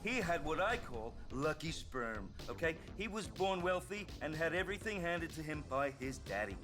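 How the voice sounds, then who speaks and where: A pompous tycoon narrator. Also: male voice, a little high, sing-song, normal speed, music in the background. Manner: pompous, boastful. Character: boastful male tycoon narrating his own story. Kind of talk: comic narration.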